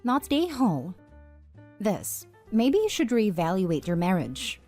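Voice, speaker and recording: A woman narrating online posts aloud at an even, steady reading pace. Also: mid-range voice, measured pace, faint music behind.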